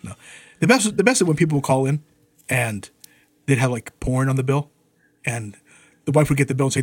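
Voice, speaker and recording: A man on a podcast, chatting casually and telling profane, animated stories. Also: mid-range voice, fairly quick, long pauses, breathy edge. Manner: animated storyteller, swears freely, acts out quoted voices. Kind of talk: casual chat.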